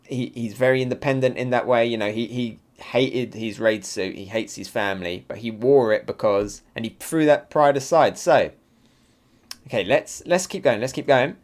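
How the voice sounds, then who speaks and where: A man hosting a live comic reaction and review, excitable and thinking aloud with fillers. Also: mid-range voice, normal speed. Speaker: manga reaction channel host.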